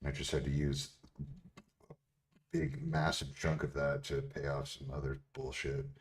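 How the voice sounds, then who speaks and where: A man streaming casually as a bodybuilder answering chat, blunt and profane, laughing and getting louder when riled up. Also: rumbling low, flat delivery, a little slow.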